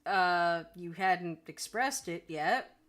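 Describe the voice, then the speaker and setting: Woman streamer, exasperated and stammery, unhurried, high and bright. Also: expressive. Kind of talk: casual chat on a call.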